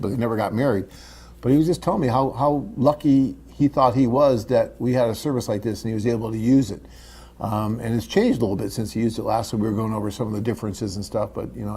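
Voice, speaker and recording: Hosting a dating agency's live webcast, this middle-aged man reads viewer questions in a casual, rambling way full of fillers and restarts. He has a warm, slightly rough mid-range voice.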